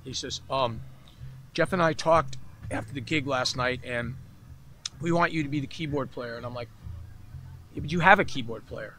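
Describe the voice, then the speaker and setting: A man's voice: mid-range voice, moderate pace, long pauses, a little hiss or hum. A man, a musician guest in a casual interview, telling stories and acting out the voices of the people in them. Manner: animated storyteller who acts out other people's voices. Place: festival interview setting.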